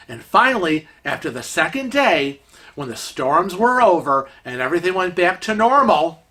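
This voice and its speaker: Man, vlogger, casual storytelling, chatty, exasperated, slow pace. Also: high-pitched, bright, forceful tone. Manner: chatty, exasperated, acts out quotes.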